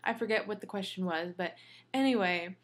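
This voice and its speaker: A woman's voice: mid-range voice, fairly quick. A woman vlogger chatting casually to her viewers, venting with lots of ums and you-knows. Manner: chatty, venting, many fillers.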